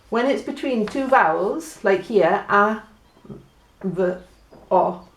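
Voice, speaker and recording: Slow, deliberate woman teaching. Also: medium pitch. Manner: slow, deliberate, repeats words for practice. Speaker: Spanish teacher. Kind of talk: beginner language lesson mixing English and Spanish. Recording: echoey room.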